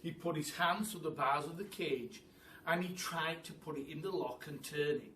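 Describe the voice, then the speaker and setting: Expressive man reading a storybook. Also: fairly high pitch, a little hiss or hum. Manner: expressive, unhurried. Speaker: primary school teacher. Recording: echoey room, mic at a distance.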